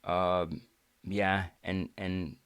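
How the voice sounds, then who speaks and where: A man hosting a live stream, telling stories from his old job in a chatty, animated way, with many restarts and laughs. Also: sits low, drawn-out words, clear, resonant tone, no room sound, studio quality. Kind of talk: casual live-stream storytelling.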